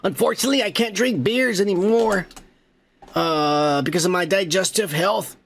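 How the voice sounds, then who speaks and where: A middle-aged man hosting a podcast, reading viewer comments in a profane, joking way and loudly toasting viewers. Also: high-pitched, normal speed, creaky, breathy edge. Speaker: podcast host. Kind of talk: casual comment-reading chat.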